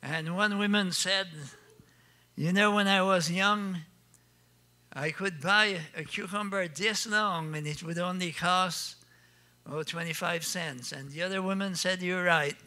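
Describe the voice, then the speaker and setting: Bright folksy Acadian French storyteller. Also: male voice, sits high, measured pace. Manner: folksy joke-telling, laughs at his own punchlines. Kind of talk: comic storytelling on stage.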